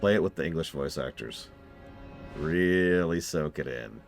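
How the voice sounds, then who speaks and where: A man's voice: very deep voice, expressive, a little fast, vocal fry, faint music behind. A man streaming a game, reading quest text aloud and adding sarcastic asides. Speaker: game streamer and lore reviewer. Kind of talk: live commentary while playing.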